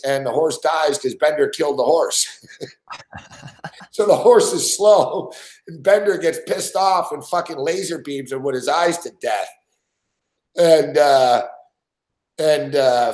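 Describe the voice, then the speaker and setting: A man co-hosting a sports betting talk show tells a story in loose casual chat. He swears freely and laughs between his lines. His voice sits a little high, and the room around him is echoey. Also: a little mellow.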